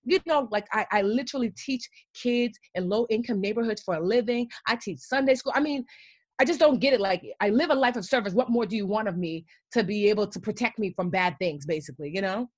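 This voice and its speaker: An animated woman in her thirties tells her story as a podcast guest, acting out her own past words with a lot of "like" and "yo." Her voice sits mid-height, and the recording is dry and close. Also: medium pitch, brisk, dry recording.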